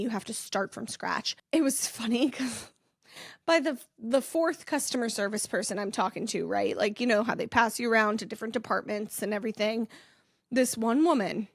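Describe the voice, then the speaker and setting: Pregnant young woman rambling to camera, kinda high voice, super dry close sound. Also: no room sound. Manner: rambling, chatty, laughs often. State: heavily pregnant. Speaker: influencer and podcast host. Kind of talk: casual chat.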